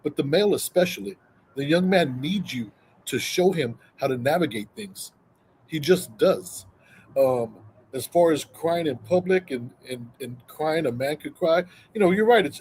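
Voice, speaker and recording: A man's voice: a little high, lively intonation, moderate pace, darkish tone. Earnest man on a noisy line. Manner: earnest, builds points step by step. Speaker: guest co-host. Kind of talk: casual opinion chat.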